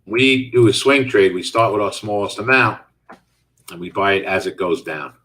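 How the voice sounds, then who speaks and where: A man's voice: fairly low pitch, normal speed, fairly bright tone, far from the mic. A middle-aged man hosting a live trading stream, talking casually and answering viewer chat as he trades. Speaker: stock trading host.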